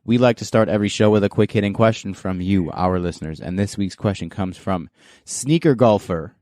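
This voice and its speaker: Laid-back low-voiced man hosting a podcast. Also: brisk, a little mellow, dry recording. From Canada. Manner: laid-back, chatty, laughs often. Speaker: podcast host. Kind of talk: casual podcast chat.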